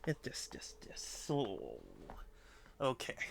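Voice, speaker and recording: A man's voice: mid-range voice, slow pace, vocal fry, fairly bright tone, a little hiss or hum. A man streaming a game who talks casually and often coos baby talk to his cat. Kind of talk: casual live-stream chat. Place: dim room indoors. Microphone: desk microphone on a stand.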